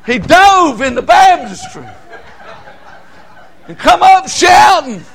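Older man, high voice, animated folksy preacher, shouts for emphasis. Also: slow, vocal fry, slight background noise. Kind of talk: sermon storytelling.

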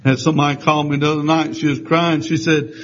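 A man preaching a fervent sermon, rising at times to shouts. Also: a little high, little pitch movement, quick pace. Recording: dull lo-fi with faint noise.

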